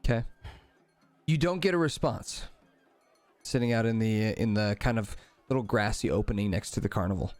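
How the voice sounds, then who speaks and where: A man's voice: fairly low pitch, normal speed, no echo, faint music behind. A man narrating a tabletop game as game master, casual and rambling with many fillers.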